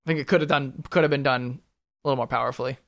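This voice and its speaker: A man's voice: medium pitch, steady tone, rapid-fire, gravelly. A man co-hosting a podcast in casual chat, hesitant, filling his talk with "like" and restarts. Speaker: podcast co-host.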